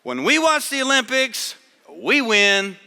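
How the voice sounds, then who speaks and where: A man's voice: very high-pitched, sing-song, unhurried, creaky, sharp tone, smooth. A middle-aged man giving a chapel sermon, telling stories in a humorous, conversational way. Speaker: chapel speaker. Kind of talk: storytelling sermon. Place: large chapel hall. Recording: long hall reverb.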